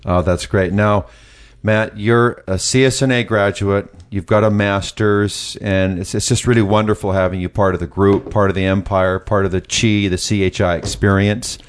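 A man's voice: lowish voice, steady tone, moderate pace. A man hosting an interview as a mentor, asking leading questions in an encouraging way. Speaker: host, mentor.

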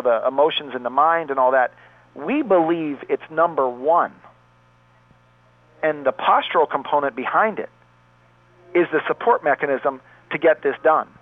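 A man's voice: on the high side, dry recording. A man who runs a pain therapy clinic, earnestly telling a long story from his practice as an interview guest. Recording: dry, tinny phone line.

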